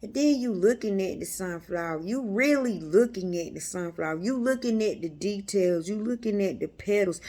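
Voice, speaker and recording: A woman giving an unscripted spiritual teaching, speaking to her listeners in a repetitive, preacherly way and sometimes dropping to a hushed near-whisper. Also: medium pitch, animated, moderate pace, hardly any pauses.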